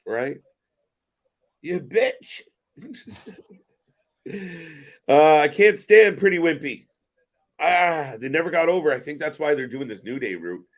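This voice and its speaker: Male stream co-host, lively up-and-down delivery, jokey and profane. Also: a little high, measured pace, pauses often. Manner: joking, laughs often, swears freely. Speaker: co-host of a wrestling watch-along stream. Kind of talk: casual live-stream commentary.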